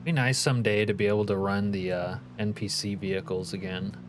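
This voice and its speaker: A man's voice: fairly low pitch, steady tone, fairly quick, background noise. Laid-back man streaming a game. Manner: laid-back, joking, reads chat comments aloud. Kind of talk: casual live-stream commentary.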